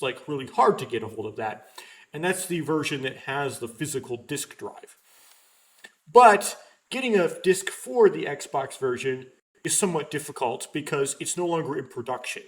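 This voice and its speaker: A young man talking casually as a let's player, rambling and correcting himself often with plenty of ums. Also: medium pitch. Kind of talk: casual gameplay commentary.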